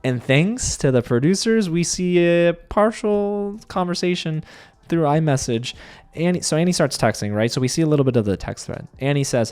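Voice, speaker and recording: A man's voice: medium pitch, moderate pace, a little mellow. A man giving a casual, sarcastic recap of a reality show, talking straight to his viewers with lots of animation.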